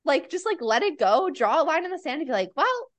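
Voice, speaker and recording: A woman's voice: high-pitched, very animated, a little fast. A young woman, a podcast guest and mindset coach, talking in a casual, earnest and upbeat way, full of "like" fillers, tired and a little nauseous. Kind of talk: casual interview chat.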